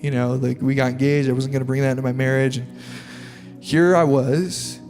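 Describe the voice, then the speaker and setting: A man's voice: mid-range voice, fairly even intonation, a little fast. A young man, a pastor, telling a personal story in a sermon and building into earnest, impassioned preaching. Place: large church auditorium. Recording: live church hall reverb with soft music.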